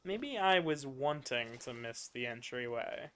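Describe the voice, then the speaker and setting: A young man chatting casually while playing a video game, animated and swearing now and then. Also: medium pitch, unhurried. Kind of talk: casual chat while gaming.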